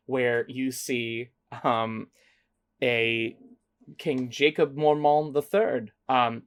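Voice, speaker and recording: A man narrating a tabletop game as game master, casual with many fillers. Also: mid-range voice.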